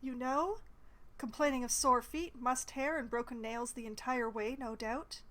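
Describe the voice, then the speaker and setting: A woman's voice: on the high side, steady tone, a little slow, a bit bright. A woman streaming her playthrough of a game, reading dialogue options aloud with wry, exasperated asides. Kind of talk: casual gameplay commentary.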